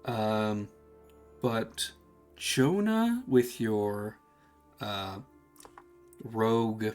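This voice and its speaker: A man running a tabletop game as game master, describing scenes in a relaxed way. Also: on the low side, very slow, faint music behind. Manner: relaxed, descriptive, acts out characters.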